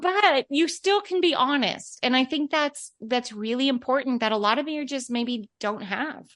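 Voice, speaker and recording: A woman hosting a podcast, talking in an animated way and laughing as she talks. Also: high-pitched, moderate pace. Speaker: podcast host. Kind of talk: casual chat.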